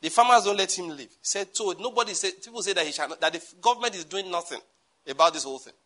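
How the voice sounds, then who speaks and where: A man's voice: sits high, racing, bright, forceful tone. A male pastor with a Nigerian accent, preaching a sermon with joking asides and his own laughter.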